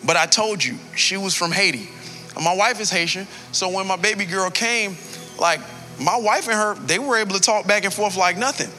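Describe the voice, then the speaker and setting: A man's voice: high-pitched, normal speed, bright, forceful tone, soft background music. A man in his thirties, a pastor telling a personal story in a sermon, emotional and building to a preaching cadence.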